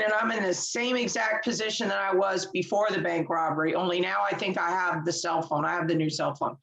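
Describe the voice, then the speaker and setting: A woman, a guest telling her story in casual chat, animated and laughing often as she acts out quoted voices. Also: medium pitch, poor audio. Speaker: interview guest.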